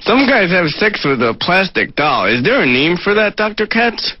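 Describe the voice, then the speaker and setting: A man's voice: high voice, sing-song, moderate pace, music in the background. A man doing self-mocking stand-up addressed to his therapist, on dry, dull lo-fi TV audio. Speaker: stand-up comedian. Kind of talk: stand-up monologue.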